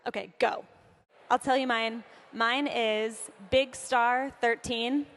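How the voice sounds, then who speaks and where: A woman's voice: a little high, steady tone, takes it slowly, a bit bright. A young woman from Southern California giving a chatty, upbeat talk on stage, laughing often. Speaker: conference speaker. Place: large hall on stage. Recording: long hall reverb.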